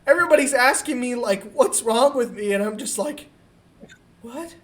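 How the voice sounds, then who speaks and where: Profane, animated woman telling a story. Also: a little high, brisk. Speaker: podcast co-host. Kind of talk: casual comedic storytelling.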